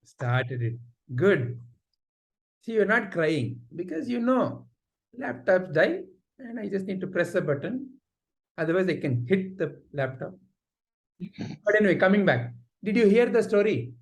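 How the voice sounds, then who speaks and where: A man teaching an online class, telling a story in a lively, conversational way over a video call. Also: sits high, a little slow, gravelly, long pauses.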